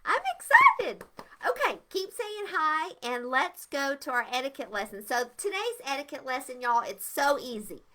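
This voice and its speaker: A woman's voice: sits high, very animated, moderate pace, sharp tone. An older woman, hosting a live etiquette show for kids and greeting viewers with bubbly enthusiasm. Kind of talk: live-stream lesson for kids.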